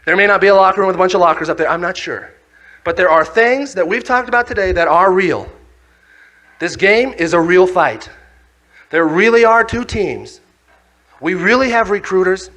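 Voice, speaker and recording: Young guy, high bright voice, fired-up youth talk, acts out the story. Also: normal speed. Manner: animated storytelling with acted-out voices and shouts. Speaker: youth speaker.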